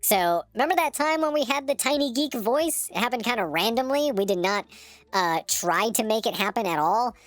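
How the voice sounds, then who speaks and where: A male streamer running his voice through a voice changer to make a tiny, goofy, pitched-up voice. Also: lively intonation, normal speed, a bit bright, no echo. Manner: goofy, playful.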